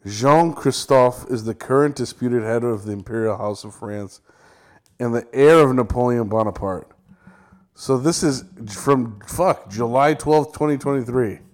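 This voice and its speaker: Slow laid-back man in casual chat. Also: mid-range voice. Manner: slow, laid-back, swears and says "dude" a lot. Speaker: podcast co-host.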